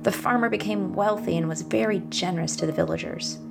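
A woman podcast host speaking gently and encouragingly, reflecting and telling a fable, sometimes dropping to a whisper. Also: mid-range voice, a little fast, creaky. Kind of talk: reflective monologue with storytelling. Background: background music.

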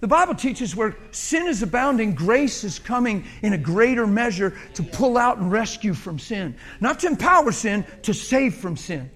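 High voiced pastor guy preaching, folksy and joking around, bright sharp tone. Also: sing-song, moderate pace, hardly any pauses. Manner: folksy, humorous, colloquial preaching. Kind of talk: sermon.

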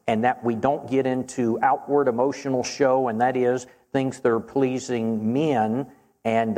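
A man preaches in a steady mid-range voice, answering Bible questions in a measured, earnest way. He slows down on the phrases he wants to stress. His voice carries a long reverb from a church auditorium. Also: mid-range voice.

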